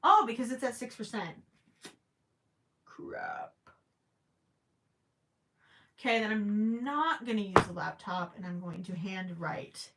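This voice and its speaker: A woman's voice: mid-range voice, normal speed, hardly any pauses, noisy background. A young woman casually chatting on a livestream while crocheting, reading viewer questions aloud and teasing herself. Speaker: livestream host.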